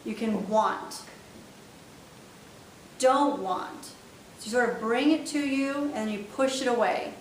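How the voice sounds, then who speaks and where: A woman's voice: slow pace, long pauses. A woman teaching sign language vocabulary, patiently repeating each word as she demonstrates it. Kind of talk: step-by-step instructional lesson. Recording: echoey room, mic at a distance, faint rumble.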